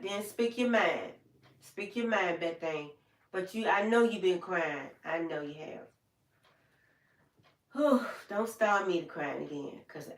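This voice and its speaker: A woman's voice: medium pitch, fairly bright tone, reverberant, distant mic. An older woman hosting a livestream, talking in a folksy, heartfelt way and speaking straight to her viewers by name. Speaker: livestream host. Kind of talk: casual livestream chat with viewers.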